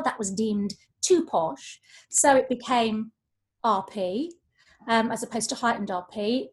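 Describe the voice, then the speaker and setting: A woman's voice: a little high, unhurried, fairly bright tone. A woman, a voice coach talking expressively in a podcast conversation. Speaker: voice coach guest.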